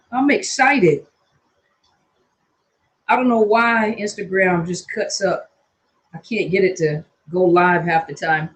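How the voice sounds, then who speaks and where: Unhurried and pausing often, her lowish voice carries a loose, colloquial livestream from her phone. She's a woman counselor in Washington state, USA, sweating in a hot home as she welcomes viewers by name.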